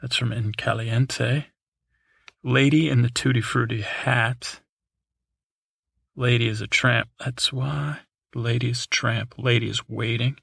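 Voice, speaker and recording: Gravelly man reading a sleepy list. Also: medium pitch, a bit bright, no echo, clean studio sound. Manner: drowsy list reading with asides and chuckles; breaks into snatches of song. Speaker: podcast host.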